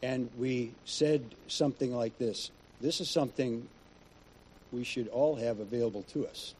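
A man's voice: medium pitch, moderate pace, a little mellow, a little hiss or hum, low-quality recording. A male pastor preaching in a conversational, storytelling way. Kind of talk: sermon.

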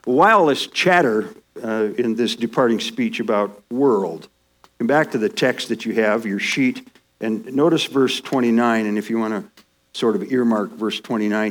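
Man teaching a Bible class. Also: mid-range voice. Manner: explanatory, walks listeners through verses with repetition.

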